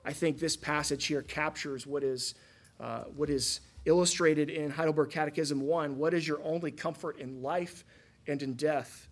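A man preaching a sermon in an emphatic, conversational way, often checking in with his listeners through rhetorical questions. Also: fairly high pitch. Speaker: pastor.

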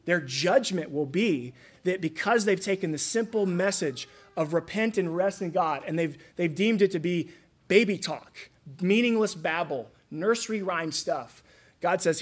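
A man's voice: sits high, lively intonation, measured pace, breathy edge. A man preaching a sermon in a conversational way, acting out the voices he quotes. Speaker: pastor.

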